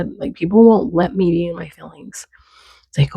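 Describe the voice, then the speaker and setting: A woman's voice: on the low side, moderate pace, vocal fry, mellow, slightly rough, dry recording. A woman giving earnest, conversational faith encouragement, stacking short repeated phrases. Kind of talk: casual faith talk to camera.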